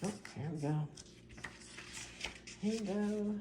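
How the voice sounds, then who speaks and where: Chatty middle-aged lady reading spirit cards, low voice, echoey room. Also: normal speed, a little mellow. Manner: chatty, upbeat, storytelling. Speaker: tarot and oracle card reader. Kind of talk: casual spiritual card reading.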